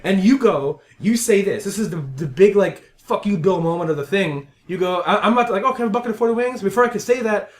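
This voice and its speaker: A man's voice: sits high, fast, hardly any pauses. A man hosting a casual video game podcast, telling a long story animatedly and acting out the voices of the people in it. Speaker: podcast host. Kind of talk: casual chat.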